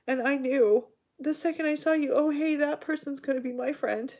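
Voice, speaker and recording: A woman's voice: sits high, fairly quick, hardly any pauses. A woman in her forties, a radio show host, telling a rambling story in casual chat and acting out the dialogue. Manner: rambling, animated, acts out quoted dialogue.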